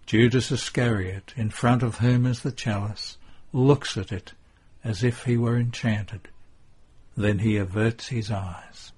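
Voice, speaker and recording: A male narrator reads a devotional text in a measured, hushed way. His voice is low and a little husky, and he takes his time over each phrase. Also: steady tone.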